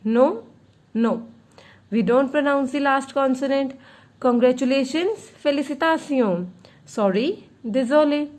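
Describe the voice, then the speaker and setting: A woman teaching a beginner French lesson, speaking slowly and patiently and repeating each word. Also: high-pitched, a little mellow.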